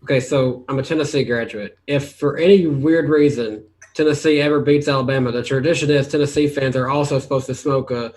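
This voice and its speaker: A man in his twenties talks fast in casual podcast chat, often stammering and starting over. His voice sits at an ordinary middle pitch. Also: steady tone, darkish tone. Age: 20s. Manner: stammering with restarts.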